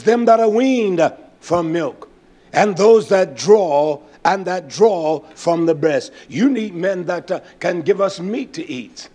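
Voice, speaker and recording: A man preaching a sermon, emphatic and rising at times to shouts. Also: high voice.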